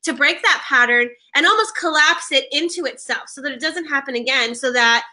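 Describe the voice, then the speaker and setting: Woman, high bright voice, animated spiritual chat, quick restarts, casual swearing. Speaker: podcast host.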